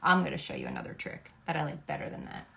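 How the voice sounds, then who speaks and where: A woman's voice: deep voice, wildly swooping pitch, fast talker, vocal fry, fairly bright tone. A middle-aged woman, a makeup artist, explaining a makeup routine step by step in a chatty, instructive way, often checking in with "okay?". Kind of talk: makeup tutorial.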